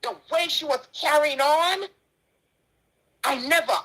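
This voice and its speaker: Indignant Jamaican woman, bright voice. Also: sits high, measured pace, low-quality recording. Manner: indignant, emphatic, repeats her points. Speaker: charity donor responding to a dispute. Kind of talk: impassioned personal statement.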